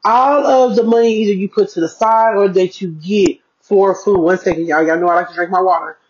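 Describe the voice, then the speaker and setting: Chatty mom vlogger, dull lo-fi sound. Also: female voice, medium pitch, steady tone, a little fast, breathy edge. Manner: chatty, talks straight to viewers, keeps checking in. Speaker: parenting vlogger. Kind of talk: casual budgeting vlog.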